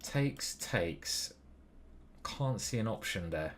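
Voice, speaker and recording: A man commentating on his own online chess game as he plays, muttering to himself, swearing and getting excited. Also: lowish voice, slow pace, a little hiss or hum. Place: small stuffy room.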